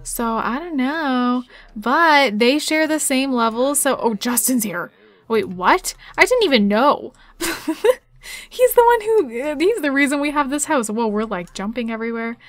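A woman's voice: sits high, expressive, normal speed, a bit bright, no echo. A woman casually commentating her life-simulation game, chatty and giggly, talking straight to her viewers. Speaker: gaming YouTuber.

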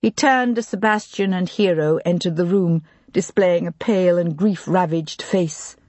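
An audiobook narrator reading a period novel in an even, measured way. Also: medium pitch, no room sound. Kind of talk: scripted narration.

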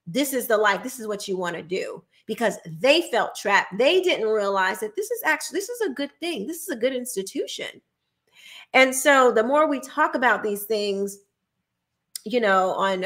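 A woman's voice: fairly high pitch, a bit bright. A woman hosting her own show, giving an emphatic, preachy opinion monologue and mocking the people she quotes. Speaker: host.

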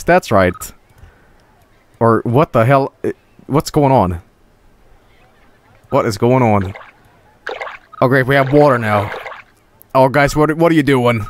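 A man streaming a video game with casual commentary, profane and excitable, often cracking up laughing. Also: mid-range voice, slight background noise.

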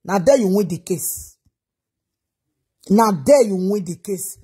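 A woman's voice: medium pitch, lively intonation, slow, mellow, slightly rough. A Nigerian woman giving a reaction vlog, lecturing in a preachy way and repeating her advice over and over. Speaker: commentator.

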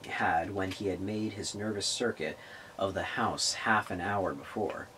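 Low-voiced man reading a novel aloud. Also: measured pace, bright, forceful tone, slight background noise, low-quality recording. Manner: stumbling, restarts misread words. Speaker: reader of a novel on a public access show.

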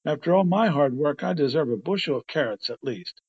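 A cocky, whining cartoon rabbit full of complaints, done by a man reading a storybook. The voice sits a little high and husky, on a slightly dull, lo-fi recording. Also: animated, a little fast, a little mellow. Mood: cheeky.

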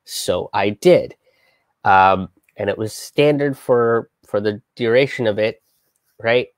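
A man casually telling a heavy personal story on a live stream, halting and restarting often and swearing freely. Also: fairly low pitch, no echo, clean studio sound.

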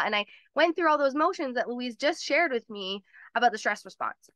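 Woman course host, bright and slightly high voice, chatty quick delivery, dry close computer mic. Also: sing-song, dry recording. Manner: chatty, quick, laughs often, acts out little voices. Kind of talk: live webinar lecture.

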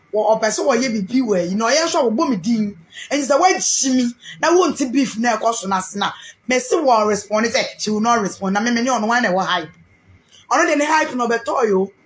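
Ranting Ghanaian woman, high-pitched. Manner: animated, repetitive, mixes Twi and English. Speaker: businesswoman. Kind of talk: heated rant to camera.

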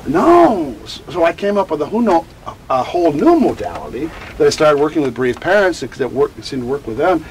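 A man who teaches about grief speaks in an interview with a slightly high voice that swings widely in pitch. His answers wander from one point to the next, and he acts out the quotes he tells. A faint hiss sits under the recording. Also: a little fast, poor audio. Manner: animated, digressive, acts out quotes. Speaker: grief educator.

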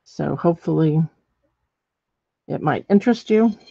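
Gravelly middle-aged woman instructor, chatty demo host, dry muffled recording. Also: deep voice, expressive, measured pace, dark tone, no echo. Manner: chatty, thinks aloud while working, many ums. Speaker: ceramics painting instructor. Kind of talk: live painting demonstration.

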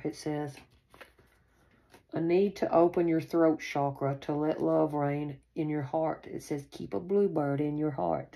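A woman's voice: deep voice, vocal fry, dark tone. A woman doing a casual tarot reading for her viewers, chatty and reassuring, repeating herself often. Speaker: tarot reader. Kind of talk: casual spiritual card reading to camera. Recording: noisy home recording.

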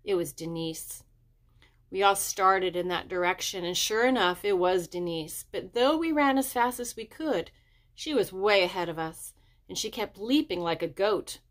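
A woman reading a children's chapter book aloud, raising her pitch for the children's dialogue. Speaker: audiobook reader. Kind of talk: storybook narration.

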